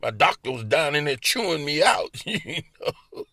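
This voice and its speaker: A man's voice: a little high, big pitch swings, normal speed, sharp tone, no echo, clean studio sound. A man with a Baltimore accent telling casual personal stories to the listener, laughing often as he acts out the voices in his head. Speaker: speaker sharing personal stories. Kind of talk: casual storytelling monologue.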